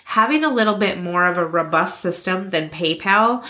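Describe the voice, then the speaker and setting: With a fairly low, sharp voice at normal speed, this young woman delivers scripted podcast talk as the host. Her business advice is sincere and encouraging.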